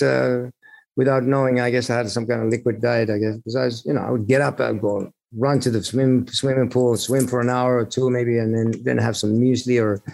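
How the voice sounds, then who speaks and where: A man, a musician guest, telling stories in an interview with a halting, rambling delivery full of restarts and laughs. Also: mid-range voice, gravelly, darkish tone. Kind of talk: storytelling in an interview.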